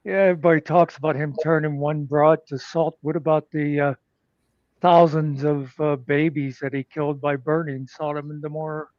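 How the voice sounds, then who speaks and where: A man talking casually on a livestream, meandering through crude jokes and old stories. His voice sits slightly high. The sound is dry and dull, as if from a cheap mic. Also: little pitch movement, normal speed, a little mellow, no echo. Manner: rambling joke-teller, crude. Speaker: livestream co-host. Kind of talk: casual chat.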